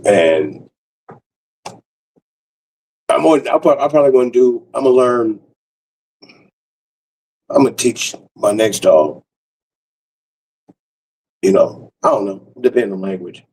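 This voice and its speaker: A man's voice: mid-range voice, animated, measured pace, long pauses, a little mellow, slightly rough, far from the mic, low-quality recording. Laid-back profane male storyteller. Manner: loose, profane and laughing, with frequent restarts. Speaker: comedian.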